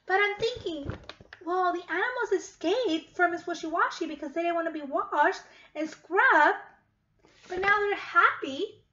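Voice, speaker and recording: A woman reading a picture book aloud to children, stopping often to ask them gentle questions. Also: very high voice, unhurried, highs cut off.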